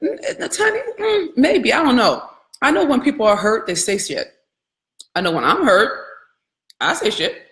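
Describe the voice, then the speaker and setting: A woman business coach giving a live training, candid and animated, swearing freely and calling her audience y'all. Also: medium pitch, moderate pace, long pauses, echoey room.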